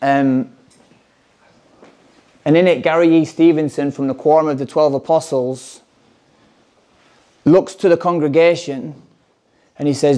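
Speaking unhurriedly with long pauses, an English man with a warm, steady voice on the high side delivers a personal testimony at a conference. He shares his story candidly and reads scripture emphatically.

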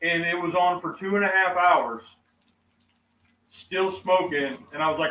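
A man's voice: a little high, fairly even intonation, moderate pace, dull audio. A middle-aged man hosting a cooking chat, telling a story animatedly and acting out quoted exchanges. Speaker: host of a cooking channel. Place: outdoors at a cookout. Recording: echoey, distant mic, faint ambience.

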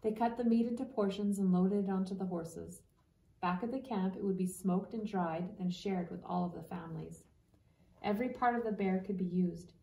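A woman reading a children's book aloud at a steady storybook pace. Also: medium pitch, vocal fry. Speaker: reader. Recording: echoey room, distant mic.

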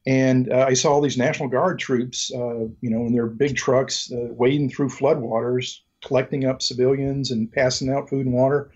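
A man's voice: medium pitch, flat delivery, moderate pace, hardly any pauses, a little mellow, muffled recording. A middle-aged man from Mississippi with a Southern accent, a guest telling stories in a rambling, joking way with many ums and restarts. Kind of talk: casual interview storytelling.

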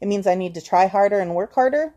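A woman speaks straight to her viewers in a confessional vlog, her voice at an ordinary middle pitch. She is hesitant, stopping and restarting often with ums. She stays earnest as she talks herself into staying positive. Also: animated, quick pace, warm tone, muffled recording. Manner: self-encouraging, earnest. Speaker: vlogger.

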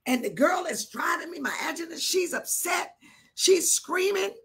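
An older woman bishop preaching a live sermon, telling a personal story with animated swings between hushed and shouted delivery. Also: very high voice, normal speed.

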